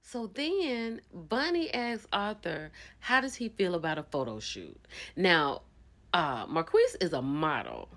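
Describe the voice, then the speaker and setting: Animated, gossipy woman recapping a show. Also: on the low side, takes it slowly. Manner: gossipy and expressive, acts out quotes, bursts into laughter. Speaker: host recapping a reality show.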